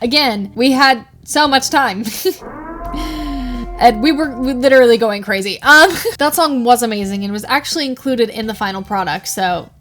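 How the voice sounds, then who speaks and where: Young woman vlogger, high voice, chatty and giggly, faint music. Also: moderate pace, a bit bright. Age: young adult. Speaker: video creator. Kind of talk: casual commentary.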